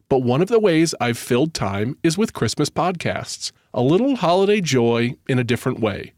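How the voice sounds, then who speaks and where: A man's voice: medium pitch, no room sound, clean studio sound. A man from Connecticut co-hosting a holiday podcast, chatting in a jokey, earnest way. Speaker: podcast co-host. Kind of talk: casual chat.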